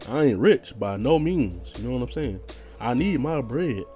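A man's voice: medium pitch, lively intonation, normal speed, warm tone, soft background music. A young man hosting his own podcast, rambling casually in a laid-back, profane, slang-heavy monologue. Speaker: podcast host.

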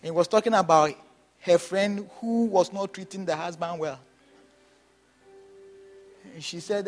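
A man's voice: high voice, a little slow, pauses often, soft background music. A man preaching a sermon, repeating his phrases and urging his listeners on with emphatic exhortation.

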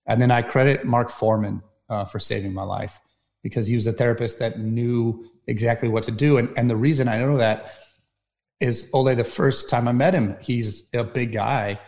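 Gravelly man telling his story. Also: mid-range voice, steady tone, darkish tone. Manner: earnest, halting storyteller. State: near tears at times. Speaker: firefighter guest. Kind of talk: personal story in an interview.

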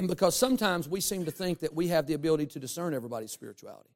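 A male pastor preaching a sermon, animated and humorous, with asides to the congregation. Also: on the high side, racing, gravelly.

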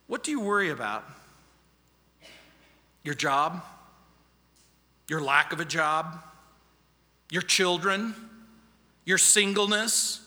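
Slow, bright-voiced pastor preaching. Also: male voice, on the high side, expressive, in a large hall. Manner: emphatic, repeats key phrases. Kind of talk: sermon. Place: church.

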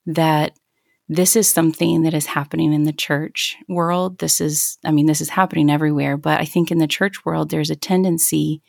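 A woman in her thirties tells her own story as an interview guest. Her voice sits low with a gravelly fry, and she speaks earnestly and reflectively, circling back to restart her thoughts. The sound is dry and close. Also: darkish tone, no room sound. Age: 30s. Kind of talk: personal testimony in an interview.

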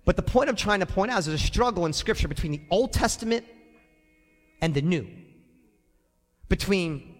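A male pastor preaching a sermon in a church sanctuary, animated and conversational with touches of humor. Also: high voice, normal speed, long pauses, long reverb tail.

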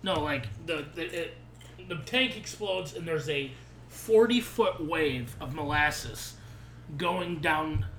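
Thirties male co-host, slightly high and bright, animated storyteller who swears, echoey room. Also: slow pace, a little hiss or hum. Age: 30s. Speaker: podcast co-host. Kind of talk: casual chat. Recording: roomy echo.

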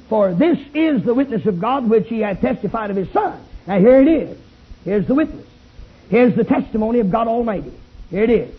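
A Baptist preacher, shouting a fiery revival sermon in a tent and calling for amens. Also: male voice, high voice, husky. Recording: tinny lo-fi old tape recording.

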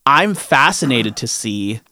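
A man's voice: mid-range voice, very animated, slow, bright, forceful tone, no echo, studio quality. A young man in casual chat, rambling with lots of fillers and the odd swear.

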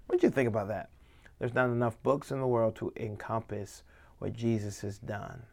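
Man, devotional Bible teaching, earnest, conversational, medium pitch. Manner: earnest, conversational, animated when paraphrasing. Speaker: pastor teaching a Bible passage.

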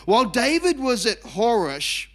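A middle-aged pastor with a high voice preaches with great energy, climbing to shouted emphasis and then dropping low. He talks in a chatty, self-mocking way and repeats phrases for effect. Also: big pitch swings, measured pace. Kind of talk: energetic sermon.

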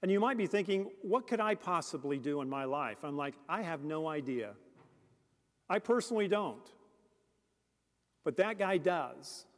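A man's voice: fairly high pitch, expressive, normal speed, long pauses. A man preaching a sermon as a deacon, earnest and speaking directly to the congregation with questions. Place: church. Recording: long church reverb.

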